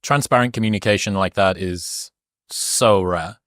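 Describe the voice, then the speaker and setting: A man hosting a podcast who asks questions and adds thoughtful, measured comments. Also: deep voice, fairly bright tone, no room sound, studio quality. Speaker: podcast host. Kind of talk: interview questions.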